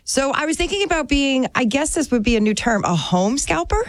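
A woman chatting casually as a co-host, playful and quick to laugh as she jokes around. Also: high-pitched, lively intonation, no room sound. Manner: playful, laughs often, jokingly puts on accents. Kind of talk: casual chat.

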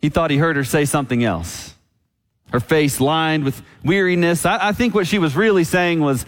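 A man preaching a sermon as pastor, telling a story and slowing down on key lines. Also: a little high. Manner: storytelling, slows down for emphasis. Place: church sanctuary. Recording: long church reverb.

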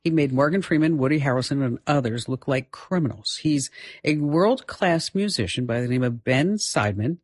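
A host with a man's voice running a radio talk show, upbeat, with quick laughs. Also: medium pitch, no room sound, clean studio sound.

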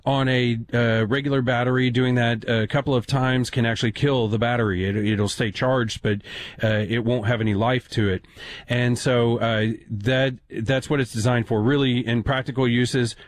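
A man hosting call-in radio from a studio at a medium pitch. He talks in a chatty, self-deprecating way, full of uh and um. The sound is dry and close. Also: fairly even intonation, normal speed, no room sound. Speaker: radio show host. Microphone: studio microphone.

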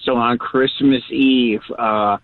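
A man's voice: medium pitch, fairly even intonation, slow pace. Chatty male caller over a phone line. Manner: eager, laughing storyteller, many fillers. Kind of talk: chatty call-in anecdote.

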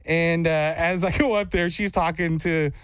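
A man's voice: a little high, clear, resonant tone, no echo, clean studio sound. A man hosting a casual talk show, telling stories animatedly and laughing easily with his co-hosts. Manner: animated storyteller, quick to laugh. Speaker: radio show host.

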